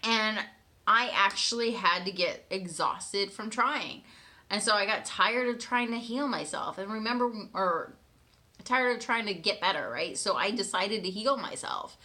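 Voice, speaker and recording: A woman telling her partner a personal story in a candid, animated way, swearing freely and often checking in with "right?". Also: medium pitch, a little slow. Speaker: manifestation coach.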